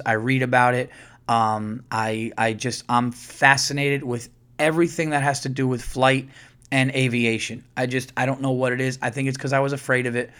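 A man hosting a podcast, telling a story in casual monologue, acting out other people's lines and swearing freely. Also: mid-range voice. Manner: swears freely, repeats words when excited. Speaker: podcast host.

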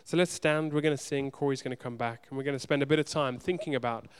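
A man preaching a sermon, speaking earnestly and directly to his congregation, swinging from loud urgency to soft hushed moments. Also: medium pitch, fairly even intonation, quick pace, clean tone. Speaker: pastor.

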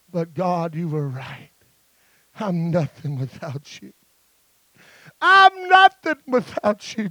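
Brief: remorseful pleading disciple, voiced by a preacher, slow and high, guitar behind. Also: male voice, no room sound. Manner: pleading prayer. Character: remorseful disciple, grown man, broken and pleading. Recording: guitar music playing behind. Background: guitar music.

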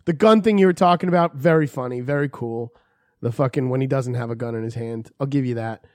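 A man's voice: medium pitch, fast, dry recording. A man on a casual podcast, ranting profanely and acting out quotes as he talks. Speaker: podcast co-host. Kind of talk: casual chat.

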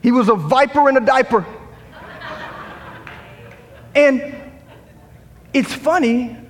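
High-voiced man preaching in a reverberant hall. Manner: preaching with rising emphasis, quoting scripture; humorous asides. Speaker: pastor. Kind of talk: sermon. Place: church sanctuary.

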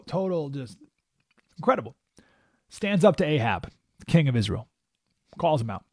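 In a radio studio, a man hosts a talk show, delivering an emphatic, opinionated monologue and acting out the voices of those he quotes. His voice is mid-range with a darkish tone, and the sound is clean with no echo.

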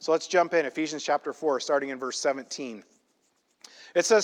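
A man's voice: on the high side, a little fast. Man, pastor, sermon, emphatic, conversational, long church reverb. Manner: emphatic, conversational, with frequent rhetorical "right?". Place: church sanctuary.

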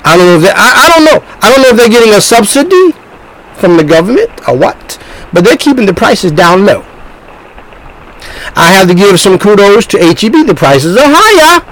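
A man preaching a sermon in an emphatic, animated way, often repeating himself. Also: on the high side, poor audio.

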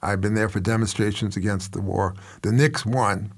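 A man's voice: lowish voice, steady tone, moderate pace, husky. An older man in his seventies hosting a commentary show, telling stories in a rambling, wry and self-mocking way. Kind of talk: casual storytelling commentary.

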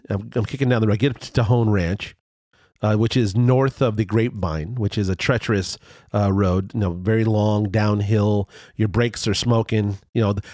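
A man telling a road story in casual chat, rambling with restarts and fillers, and his voice jumps higher when he gets excited. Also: no room sound, studio quality.

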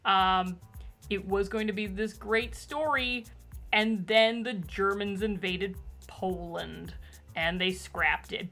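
A woman's voice: mid-range voice, slow, sharp tone, faint music behind. Wry bookish woman chatting. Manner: wry, bookish, dry jokes. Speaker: podcast co-host discussing a picture book. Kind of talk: casual chat.

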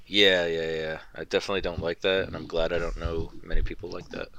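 A man with a low but bright, forceful voice co-hosts a relaxed podcast. He is easygoing and agrees readily, with faint noise behind him. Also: fast. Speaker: podcast co-host. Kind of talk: casual podcast chat.

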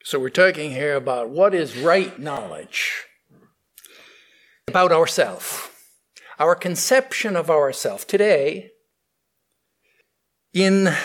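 A man telling a fable and then explaining its spiritual meaning, thoughtful with frequent pauses. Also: on the high side, a bit bright. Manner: slow, thoughtful, with fillers and restarts. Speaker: spiritual teacher.

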